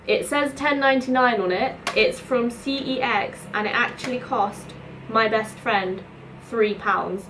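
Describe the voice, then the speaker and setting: Against a noisy background, a woman in her 20s from South East London vlogs as a student, telling loose, chatty stories to camera and saying "like" a lot. Her voice sits a little high, and she keeps a measured pace.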